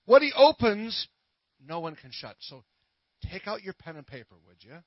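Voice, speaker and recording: Lively joking preacher man, dull dry sound. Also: high-pitched, moderate pace, no echo. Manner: playful, corny jokes and laughs at his own puns. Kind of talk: joking sermon with prayer.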